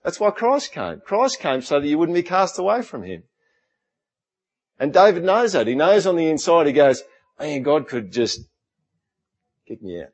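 A middle-aged man with an Australian accent preaching a sermon in a conversational way, often asking the congregation rhetorical questions. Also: fairly high pitch. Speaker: pastor.

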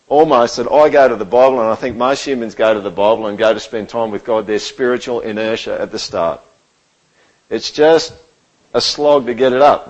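Poor audio captures a medium-pitched pastor delivering a church sermon. His style is chatty, and he repeatedly checks in with the congregation by asking "right?"

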